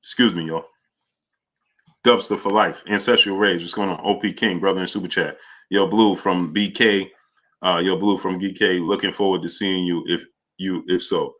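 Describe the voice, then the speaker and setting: Bright-voiced New livestream host. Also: male voice, low voice, fairly even intonation, moderate pace. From New York. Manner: greets viewers by name, reads super chats aloud. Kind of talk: casual livestream chat.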